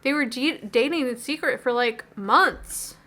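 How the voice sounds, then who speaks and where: A woman voicing an upset, rambling teenage girl in a video game, with a high, bright voice. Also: unhurried. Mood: gossipy. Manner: rambling, gossipy, dejected.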